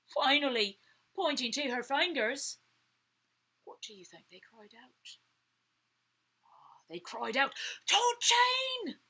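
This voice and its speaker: A woman reading a story aloud to children, animated, often dropping to a whisper to ask the listener questions. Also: high-pitched, husky, poor audio.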